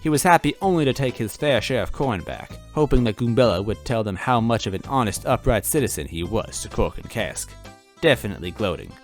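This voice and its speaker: Man reading a story with lively delivery. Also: on the low side, fairly quick, soft background music. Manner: wry asides to the listener. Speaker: story reader. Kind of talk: dramatic fan-fiction reading.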